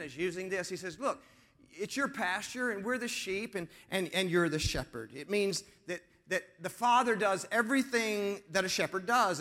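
A high-pitched man preaches with a bright, ringing tone. He leans on repeated phrases and asks his listeners questions as he goes. His voice carries a long reverb through a large church hall. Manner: emphatic, repeating phrases for effect. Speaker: pastor. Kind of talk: sermon.

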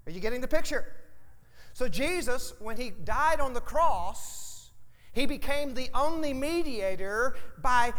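High bright-voiced preacher in a reverberant hall. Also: male voice, lively intonation, a little slow. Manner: folksy, joking, emphatic preaching. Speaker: pastor. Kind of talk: sermon.

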